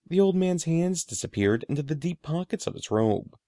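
A man narrating a children's story with expressive storytelling on a close mic. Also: on the low side, moderate pace, gravelly, few pauses, no room sound. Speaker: audiobook narrator. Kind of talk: scripted narration.

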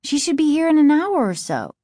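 Eager young girl, voiced by a woman, high and lifted, emotional, dry close sound. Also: sing-song, a little fast, mellow, dry recording.

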